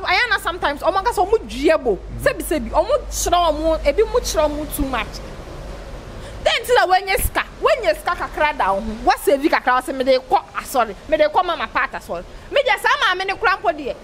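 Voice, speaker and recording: A woman's voice: very high voice, a bit bright, a little hiss or hum. A woman, a church member giving a street interview, who talks emphatically and keeps repeating her key phrases.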